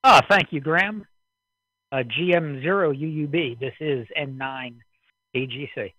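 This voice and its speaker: A man from the Midwest calling into an amateur radio net, talking in a relaxed, rambling way and slightly out of breath. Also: on the high side, a little slow, slightly rough, no echo. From American Midwest. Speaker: caller on the net. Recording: dry radio transmission, phone-like band.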